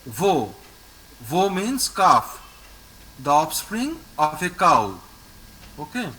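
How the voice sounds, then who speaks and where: A man leads a French lesson in a bright, high voice that rises and falls a great deal. He talks slowly and patiently, repeating each word and praising his student often. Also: sing-song, low-quality recording. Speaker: French teacher. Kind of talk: online language lesson with a student.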